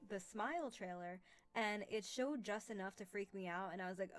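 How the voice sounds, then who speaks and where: A woman's voice: mid-range voice, normal speed, fairly bright tone. A young woman chats on a live stream from home, speaking into a computer mic. She rambles loosely, trailing off and restarting with plenty of fillers. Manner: chatty, rambling, with many fillers. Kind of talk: casual live-stream chat.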